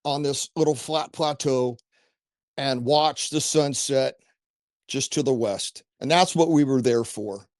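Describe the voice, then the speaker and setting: A man's voice: mid-range voice, a little mellow, no echo, clean studio sound. A middle-aged man telling a personal story as a podcast guest, earnest and rambling, with restarts and asides. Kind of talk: casual first-person storytelling.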